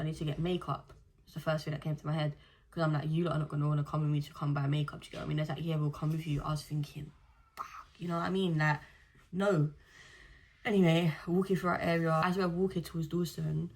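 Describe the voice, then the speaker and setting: A young woman chats casually to camera. Her voice sits low, and she tells her stories in a loose, slangy way. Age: 20s. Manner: chatty storytelling with slang. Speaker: vlogger. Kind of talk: casual chat.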